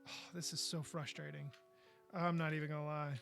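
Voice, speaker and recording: A man's voice: on the high side, flat delivery, fairly quick, creaky, a bit bright, soft background music. Goofy, chatty man streaming live. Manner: goofy, chatty, exclaims in frustration. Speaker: podcast host building a set live. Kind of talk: casual live-stream chat.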